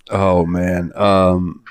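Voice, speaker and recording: A man hosting a podcast, telling stories casually with plenty of swearing and laughter. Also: sits low. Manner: profane, laughing storyteller. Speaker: podcast host. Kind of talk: casual chat.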